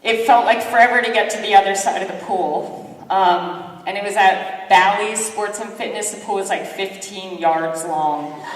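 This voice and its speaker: A woman's voice: mid-range voice, moderate pace. Woman giving a keynote in an echoey hall. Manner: lively, self-deprecating storyteller who acts out quotes. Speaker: keynote speaker. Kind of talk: motivational keynote storytelling. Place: large conference hall. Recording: echoey hall, distant mic.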